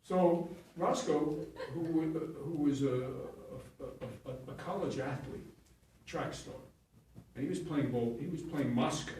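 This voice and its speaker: A man's voice: a little high, measured pace, dark tone, a little hiss or hum. A man in his seventies, a stage actor and acting teacher, telling rambling anecdotes in an interview, chuckling and correcting himself as he goes. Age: 70s. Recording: echoey room, distant mic.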